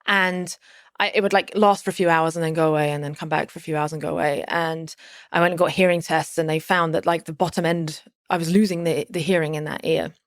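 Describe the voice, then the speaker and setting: A woman's voice: low-pitched, steady tone, fast talker, no echo, studio quality. A woman as a podcast guest, telling a personal story casually, rambling with many fillers and restarts.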